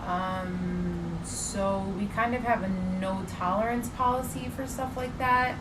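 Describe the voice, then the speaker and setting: A woman's voice: mid-range voice, slow, close to an everyday voice. A woman playing a polite, formal job interviewer. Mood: businesslike. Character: businesslike female job interviewer. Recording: distant, noisy skit audio.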